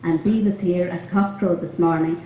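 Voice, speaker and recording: A woman's voice: on the low side, steady tone, normal speed. A woman giving a chatty, humorous after-dinner speech as lady captain. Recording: echoey hall with crowd noise.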